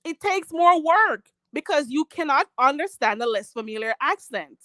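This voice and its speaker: A woman's voice: high voice, lively intonation, normal speed, pushed and bright, dry recording. A Jamaican woman ranting on a live stream, sassy and mocking, calling her target "child". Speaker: vlogger.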